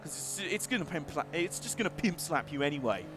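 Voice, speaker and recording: Brief: man, racing game streamer, high voice, excitable, laughs a lot, crude jokes. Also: fairly quick, music in the background. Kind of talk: live racing gameplay commentary.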